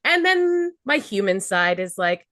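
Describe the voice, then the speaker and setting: A woman co-hosting a podcast in a casual spiritual chat, animated and laughing as she acts out her own inner voices. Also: mid-range voice, measured pace, no echo, studio quality. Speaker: podcast co-host.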